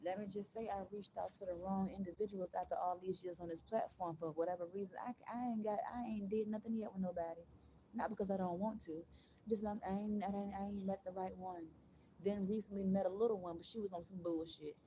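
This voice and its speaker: A woman vlogger, ranting bluntly to her viewers, swearing freely and slowing down to read aloud with emphasis. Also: mid-range voice, steady tone, dark tone, slight background noise. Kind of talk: casual motivational rant to viewers.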